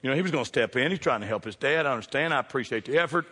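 A man preaching a humorous storytelling sermon, animated and jokey, swinging from hushed asides to loud calls. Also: medium pitch, rapid-fire, husky. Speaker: pastor. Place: church sanctuary with congregation. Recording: long hall reverb.

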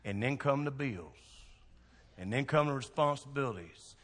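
A man's voice: mid-range voice, lively intonation, normal speed, fairly bright tone, long reverb tail. A man, a pastor preaching a sermon with folksy, emphatic storytelling.

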